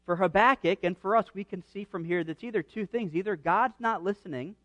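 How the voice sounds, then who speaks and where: A man's voice: sits high, brisk, a bit bright, dry recording, dull audio. A man preaching a sermon, earnest and building to fervent emphasis on the scripture he quotes.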